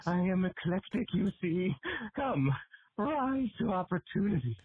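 A man's voice: high voice, sing-song, measured pace, breathy edge, narrow, tinny audio, exaggerated voice. A man voicing a giant melting man made of fudge who greets the players in sing-song cryptic rhymes during a tabletop game. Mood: creepy sing-song. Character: giant melting fudge man, creepy rhyming candy host.

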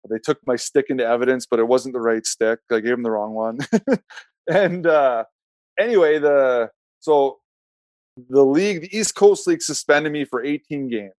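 A man's voice: medium pitch, moderate pace, a little mellow, no echo. A middle-aged man, a former pro hockey goalie, telling a rambling, self-correcting story in casual talk and laughing at himself.

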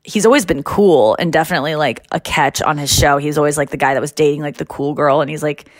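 A woman's voice: deep voice, fast talker, dry recording, clean studio sound. A woman hosting a podcast, chatting casually and acting out the people she quotes as she tells a story. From United States. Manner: animated storyteller, acts out quotes. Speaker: podcast host. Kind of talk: casual chat.

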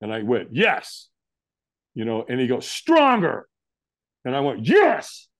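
In a studio-quality recording with no echo, a middle-aged male interview guest recounts a story at a normal pace. He's animated, performing other people's words to him with large leaps in pitch.

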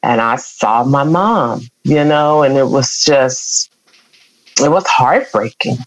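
A woman's voice: extremely low pitch, takes it slowly, low-quality recording. A middle-aged woman, earnestly telling an emotional personal story as an interview guest. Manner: emotional, earnest, acts out quoted voices.

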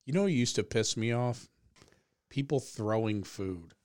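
Host, male, lively pitch, swears a lot, casual storyteller. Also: unhurried, clean tone. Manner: animated, swears freely, laughs often.

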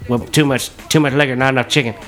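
A man's voice: mid-range voice, fairly even intonation, quick pace. A man, a podcast co-host chatting casually and dropping wry jokes. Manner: wry, joking asides. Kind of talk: casual chat.

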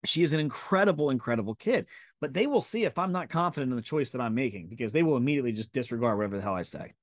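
A man's voice: mid-range voice, lively intonation, racing, no room sound, studio quality. A man in his thirties hosting a podcast, giving an intense, profane and emphatic motivational monologue. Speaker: podcast host.

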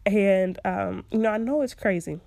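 A woman's voice: medium pitch, normal speed, creaky, warm tone, dry recording. A young woman hosting a podcast, giving casual advice in a chatty way and laughing often. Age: young adult. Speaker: podcast host.

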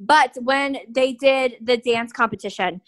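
A woman co-hosting a podcast in casual chat, excitable and blunt, with crude words. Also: sits high, a little slow. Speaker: podcast co-host.

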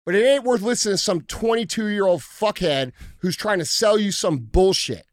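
A man's voice: high-pitched, moderate pace, no echo, studio quality. Blunt, profane man ranting on a podcast. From United States. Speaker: podcast host. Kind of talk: casual podcast talk.

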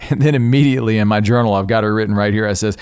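Man, podcast host, fairly low pitch, earnest, unhurried, spiritual storytelling. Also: darkish tone, smooth. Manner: earnest, unhurried, pauses and restarts mid-thought; spiritual, devout tone. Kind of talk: reflective personal storytelling.

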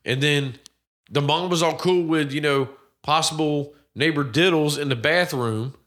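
A man riffing through a movie review with a friend, his voice bright and forward. He swears freely and animates every point. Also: on the high side, measured pace. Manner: animated, swears constantly, acts out quoted characters. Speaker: podcast co-host reviewing a movie. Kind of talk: casual profane chat.

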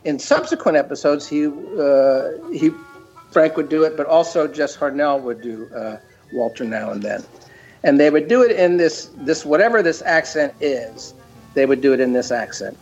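A man's voice: on the high side, normal speed, darkish tone. A man talking casually as an interview guest, often restarting his sentences. The audio is a bit dull, with faint music behind. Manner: rambling, many restarts. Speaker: guest, cartoon creator.

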